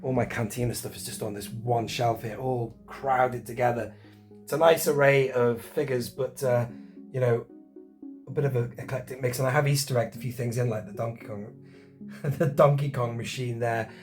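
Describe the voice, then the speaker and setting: Middle-aged bloke unboxing toys at home, chatty and excited, bit of music faint behind him. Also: male voice, medium pitch, moderate pace. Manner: chatty, enthusiastic, talks to himself while unboxing. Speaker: collector vlogger. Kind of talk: casual unboxing chat. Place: home collection room.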